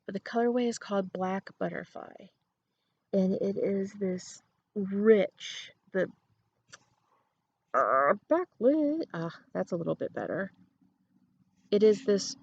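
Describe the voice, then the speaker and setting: A woman's voice: mid-range voice, animated, very slow, pauses often, darkish tone, muffled recording. A woman hosting a knitting podcast from home, chatting casually, rambling and laughing often. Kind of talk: casual chat to camera.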